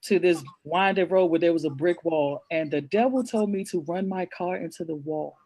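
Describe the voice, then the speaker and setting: A woman speaks as a guest author, telling her story candidly and earnestly. Her talk is emotional and halting, with frequent restarts. The sound is dry and close. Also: lowish voice, mellow, dry recording. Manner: earnest, emotional, repeats herself while recounting. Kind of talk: candid personal storytelling in an interview.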